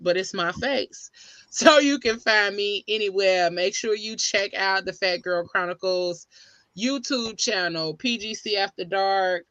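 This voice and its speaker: A woman's voice: mid-range voice, bright, forceful tone, no echo, muffled recording. A woman hosting a podcast, signing off in a breezy, slangy way and talking straight to her listeners. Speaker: podcast host. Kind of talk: casual chat sign-off.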